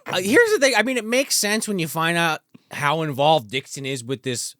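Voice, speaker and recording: A man co-hosting a casual film review chat, joking and putting on high voices for the characters. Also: big pitch swings, moderate pace, sharp tone, no echo, clean studio sound. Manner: jokey, jumps into high put-on voices for movie characters. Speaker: podcast co-host reviewing films.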